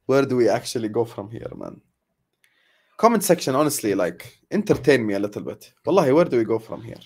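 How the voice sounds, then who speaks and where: A man's voice: medium pitch, very animated, fairly quick, a little mellow, husky. Frustrated young man ranting casually. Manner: sarcastic, frustrated, laughing, trailing off into sighs. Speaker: football fan vlogger. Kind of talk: casual ranting chat to viewers.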